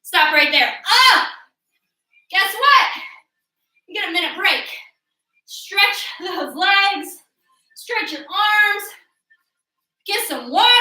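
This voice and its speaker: A very high-pitched woman leads a workout class as a fitness instructor, energetic and encouraging, whooping and cheering while out of breath from exercising along. The room is echoey and the mic sits at a distance.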